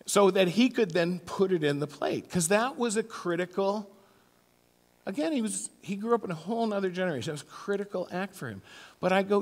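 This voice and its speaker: A middle-aged male pastor preaching in a loose, conversational way, poking fun at himself and slipping into quick put-on voices. His voice sits a little high for a man. It carries a long reverb from the church hall. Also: expressive. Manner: chatty, self-deprecating, acts out little voices. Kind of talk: conversational sermon. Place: church sanctuary.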